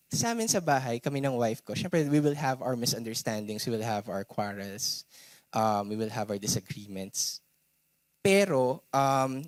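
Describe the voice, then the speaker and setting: A man's voice: on the high side, no echo. A man in his thirties with a Filipino accent, giving a casual talk at a worship gathering, switching between English and Tagalog and asking the crowd questions.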